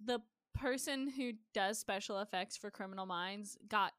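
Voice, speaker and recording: A woman co-hosting a casual podcast, chiming in with quick jokes about a TV episode. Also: medium pitch, fairly bright tone, clean tone, dry recording, clean studio sound. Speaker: podcast co-host. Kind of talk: casual TV recap chat.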